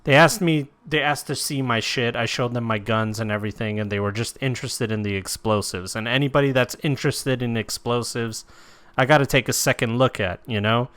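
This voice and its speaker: A man voicing a nervous, shady male arms dealer who rambles and protests loudly. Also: mid-range voice, a little fast, clean tone, no room sound, lightly acted. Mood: defensive. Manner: rambling, defensive, loud protests.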